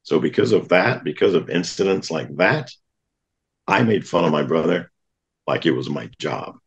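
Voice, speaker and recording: A man's voice: rumbling low, expressive, moderate pace. A middle-aged man, a podcast guest, earnestly telling childhood memories in a plainspoken way. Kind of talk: storytelling in an interview.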